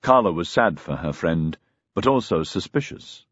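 A man's voice: low-pitched, animated, moderate pace, a bit bright, no room sound, studio quality. A man narrating a novel as an audiobook, telling the story expressively.

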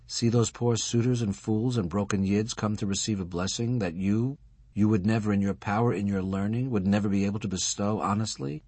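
A bitter, defiant older wife, played by a man reading aloud. She speaks quietly, clipped and cutting. Her voice is husky and dry. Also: on the low side, steady tone, a little fast, no room sound.

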